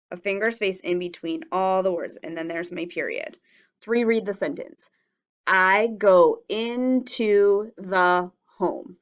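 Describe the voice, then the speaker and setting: A woman leads a phonics lesson for young children, sounding out each word slowly and spelling it letter by letter. Her voice is bright and carefully enunciated, and the recording is dull and lo-fi. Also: mid-range voice. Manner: drawn-out, clearly enunciated words, spelling letters out. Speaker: teacher.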